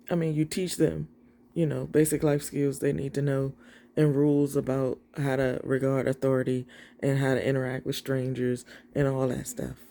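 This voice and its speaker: A woman talks straight into her phone camera, handing out dog-training advice. Her voice is gravelly with a dark, mellow tone, and she keeps it blunt and emphatic, like she's chatting with friends. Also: extremely low pitch. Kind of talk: casual talk to camera.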